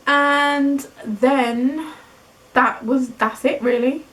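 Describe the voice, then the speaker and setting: A young British woman in her twenties telling a story casually in a vlog, chatty and animated, acting out the dialogue. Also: mid-range voice, normal speed, poor audio. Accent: British English. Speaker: beauty vlogger.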